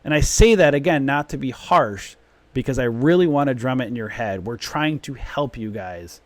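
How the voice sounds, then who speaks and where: A man's voice: mid-range voice, normal speed, no echo. A man hosting a live trading stream, talking emphatically and repeating his points in a long rant. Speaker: trading room host.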